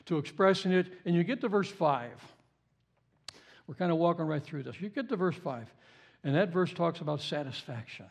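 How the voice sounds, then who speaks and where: A man preaching a sermon as pastor in a conversational way. He repeats key phrases for emphasis and swings between loud emphatic bursts and soft low asides.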